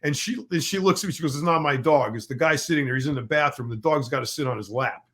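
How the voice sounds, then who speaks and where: A man's voice: a little high, fast talker, fairly bright tone. A man telling stories in a casual panel chat, a wisecracking tease. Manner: wisecracking storyteller, teasing. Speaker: co-host.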